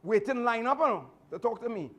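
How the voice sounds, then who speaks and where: A man with a Trinidadian accent, telling animated, chatty stories to a martial arts class with laughing asides. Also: extremely high pitch, brisk. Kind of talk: storytelling speech to a class.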